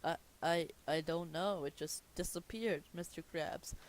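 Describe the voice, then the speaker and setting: A young man reading the lines of a small scheming male plankton villain in a whiny, quick, pleading way. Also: fairly high pitch, lightly acted. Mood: flustered.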